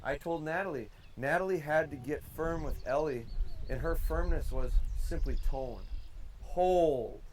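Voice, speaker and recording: A man's voice: fairly high pitch, moderate pace, a little hiss or hum, poor audio. Folksy man giving dog training tips. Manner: folksy, demonstrating commands in varied tones. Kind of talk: outdoor training talk. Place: outdoors in a field.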